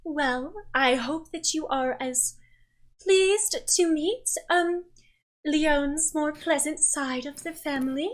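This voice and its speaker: Woman doing a theatrical older noblewoman, gracious, grand, high voice. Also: slow pace. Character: dramatic, glamorous older noblewoman, a mother.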